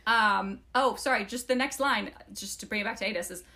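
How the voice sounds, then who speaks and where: A woman co-hosting a casual book chat, excitable and reading passages aloud. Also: mid-range voice, a little fast. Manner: excitable, reads book quotes aloud, giggly. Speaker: book podcast co-host. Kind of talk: casual chat about a novel.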